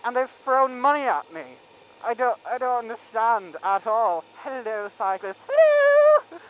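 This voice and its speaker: A man's voice: extremely high pitch, expressive, moderate pace, background noise. A young man telling a rambling story in a casual vlog, full of ums and restarts. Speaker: vlogger.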